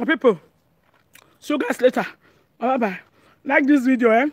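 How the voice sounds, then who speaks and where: A woman's voice: sits high, moderate pace, breathy edge, no echo. A woman with a Nigerian accent chatting casually to her vlog audience, laughing often and speaking pidgin English. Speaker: vlogger. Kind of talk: casual home vlog chat.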